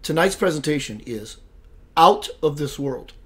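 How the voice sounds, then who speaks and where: A man's voice: on the high side, expressive, measured pace. A man hosting a spiritual web radio show, chatting casually and playfully, greeting viewers by name and laughing often. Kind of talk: casual livestream chat.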